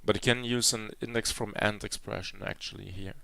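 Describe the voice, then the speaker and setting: Guy doing a conference code demo, smooth clear voice, lots of ums and restarts. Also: on the low side, fairly even intonation, fairly quick, pushed and bright, dry recording. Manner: hesitant, many fillers and restarts. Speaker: conference speaker. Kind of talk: live coding demo talk. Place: conference hall.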